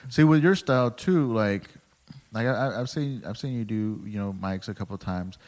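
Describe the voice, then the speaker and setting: A man's voice: fairly low pitch, moderate pace, a little mellow. A young man in casual chat, asking curious questions in a laid-back way with lots of fillers.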